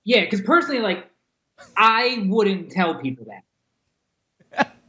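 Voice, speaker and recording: A man's voice: high voice, big pitch swings, a little slow, pushed and bright, reverberant, muffled recording. A man co-hosting a casual podcast, teasing his co-host in joking banter. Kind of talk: casual chat.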